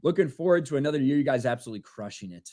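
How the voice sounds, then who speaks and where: A man's voice: medium pitch, lively intonation, rapid-fire, dark tone. A man in his thirties co-hosting a casual livestream, reading out viewer donations and laughing along. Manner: reads names and messages, laughs often.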